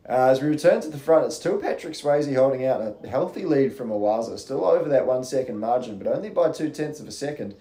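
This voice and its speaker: A man's voice: mid-range voice, expressive, brisk, few pauses, mellow, reverberant. A young man giving casual, rambling race commentary on a live stream, chatty and swearing freely.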